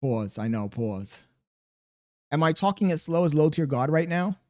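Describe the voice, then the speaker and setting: A young man with a sore throat hosting a live stream, reading viewer comments aloud and answering in a loose, chuckling way. His voice sits a little higher than most men's, and his pace shifts between slow and quick. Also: animated, a little mellow. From Chicago, USA. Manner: laid-back, chuckling, drifts between slow and quick talk.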